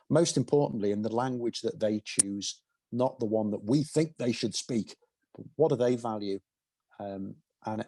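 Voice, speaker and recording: A man's voice: medium pitch, a little mellow, no room sound. A man in his fifties with an English accent, answering questions at a college talk in a thoughtful way, often restarting his sentences. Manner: thoughtful, halting restarts, plain-spoken analogies. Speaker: invited guest, cycling commissioner. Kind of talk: conversational Q&A answers. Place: college event hall.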